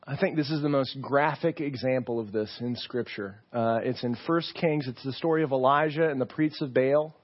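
Husky-voiced pastor preaching an animated sermon. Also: male voice, medium pitch, moderate pace, few pauses, lo-fi sound. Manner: animated storytelling, mimicking voices, rhetorical questions.

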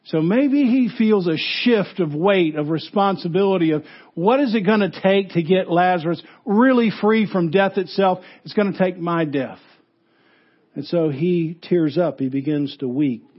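Speaking at a moderate pace, a male pastor delivers a funeral sermon in earnest, alternating between loud emphasis and low, soft passages. The sound is lo-fi.

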